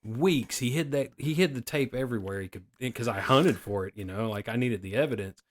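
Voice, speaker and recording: A man's voice: mid-range voice, fairly quick, a little hiss or hum. A middle-aged man telling profane stories in a casual podcast chat. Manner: profane, animated storyteller. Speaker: podcast co-host.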